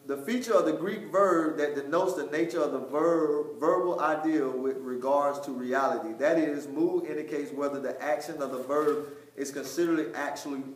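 A man teaching a Bible study, emphatic, often repeating words, with loud stressed points and quieter asides. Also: fairly high pitch. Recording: echoey room.

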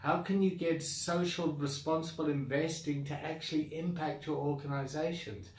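A man's voice: fairly high pitch, fairly even intonation, moderate pace, echoey room, recorded from a distance, a little hiss or hum. A man with a South African accent who founded a coaching academy, bluntly venting his frustration straight to the camera with sighs and repeated complaints. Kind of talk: direct-to-camera rant.

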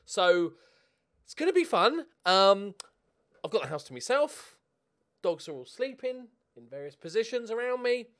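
A man giving casual, excitable commentary while he plays a football management game at home, swearing and cheering at the match. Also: high voice, normal speed, smooth. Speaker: gaming YouTuber. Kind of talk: casual let's-play commentary.

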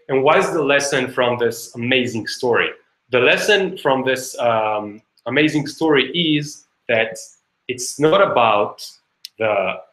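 A man's voice: mid-range voice, a bit bright, roomy sound, low-quality recording. Chatty man teaching a webinar. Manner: chatty, many fillers and "okay?" checks. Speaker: webinar teacher, company co-founder. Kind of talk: online webinar lesson.

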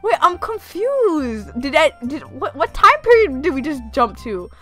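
A woman commentating her own gameplay, reacting loudly and giggling, sometimes voicing the characters. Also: sits high, sing-song, unhurried, faint music behind. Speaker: gamer. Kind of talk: let's play commentary.

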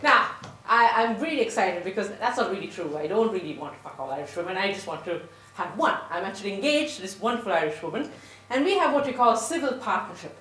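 A woman's voice: medium pitch, big pitch swings, fast, a bit bright, roomy sound. A woman comedian doing a brash, punchy stand-up set.

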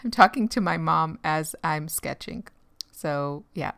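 A woman's voice: deep voice, lively intonation, unhurried, creaky, a bit bright, dry recording. A woman art vlogger chatting casually while she sketches, rambling with many fillers and frequent laughs.

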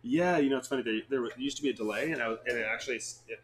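A man's voice: mid-range voice, racing, a bit bright, slight background noise. A man hosting a live wine tasting stream, chatting loosely and restarting his sentences while he checks the audio and video sync. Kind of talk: casual chat during a tech check.

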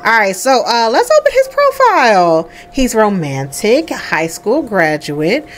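Lively high-voiced woman gaming host. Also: measured pace, slight background noise. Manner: chatty and animated, laughing often, talking to the sims. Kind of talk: casual let's play commentary.

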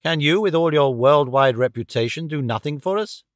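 A man's voice: a little high, animated, moderate pace, dry recording, close to an everyday voice. Brief: male narrator putting on a desperate headmaster, raised and urgent, dry close mic. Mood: pleading. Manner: urgent and pleading. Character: frantic middle-aged male school headmaster. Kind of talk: audiobook character reading.

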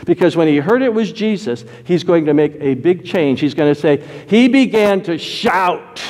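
A male preacher delivers his sermon with an animated, swooping voice that sits a little high, jumping from loud exclamations to low asides. The sound carries the long reverb of a church hall. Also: normal speed.

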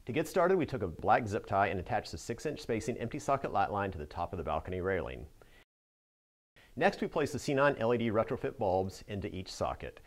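A man narrating a scripted how-to as a Christmas lighting expert answering a viewer question, with an upbeat instructional delivery. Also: fairly low pitch.

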